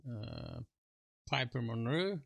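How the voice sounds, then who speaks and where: Creaky, halting man walking through software. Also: mid-range voice, animated, no room sound. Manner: halting, full of fillers and restarts; chuckling, informal asides. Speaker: presenter. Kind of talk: screen-share software walkthrough.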